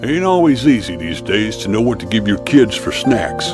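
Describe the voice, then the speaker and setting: A man's voice: lowish voice, sing-song, normal speed. A man reading a radio commercial in a folksy, down-home way. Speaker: commercial announcer. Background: music.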